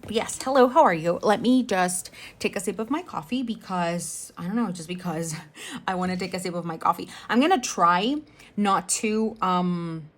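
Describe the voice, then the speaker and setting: A young adult woman with a slightly low voice chats casually while she works on a craft project. She rambles from thought to thought and often stops to correct herself, in the easy tone of a channel host. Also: normal speed. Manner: rambling, self-correcting, chatty. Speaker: diamond painting channel host.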